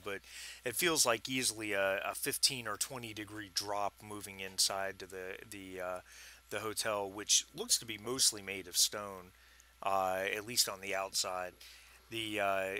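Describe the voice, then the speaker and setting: A man running a tabletop game as game master, narrating in a halting way with many fillers and restarts. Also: on the low side, bright, forceful tone. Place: home, at a computer.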